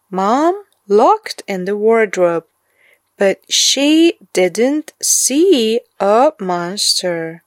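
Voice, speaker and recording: A woman reading a children's storybook aloud at a very slow, deliberate pace, with a lively, high voice that rises and falls. She drops to a hush for suspense, and the recording is dry and close. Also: dry recording. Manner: slow, expressive read-aloud delivery, dropping to a hush for suspense. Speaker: narrator.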